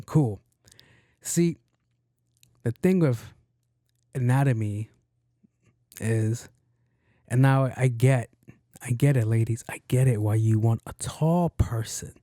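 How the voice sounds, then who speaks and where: A man's voice: medium pitch, no room sound, clean studio sound. A man hosting a podcast, telling a story in a casual, profane way and acting out the other people's lines. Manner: animated, profane, acts out voices in his story. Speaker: podcast host.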